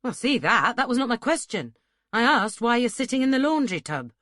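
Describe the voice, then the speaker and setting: A woman's voice: a little high, big pitch swings, fairly quick, a bit bright, no echo, studio quality, voice pushed up. A woman voicing a testy, teasing young male scholar in an audiobook.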